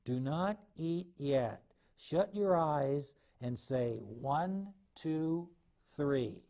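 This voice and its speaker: A man's voice: a little high, animated, drawn-out words, warm tone, exaggerated voice. A man voicing a friendly, curious cat in a questioning storybook voice. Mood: coaxing.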